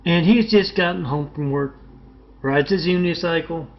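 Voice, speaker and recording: Rambling comic storyteller, male, gravelly voice, muffled lo-fi recording. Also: fairly high pitch, normal speed. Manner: rambling, with fillers and asides. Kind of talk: telling absurd comic tales. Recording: muffled with faint hiss.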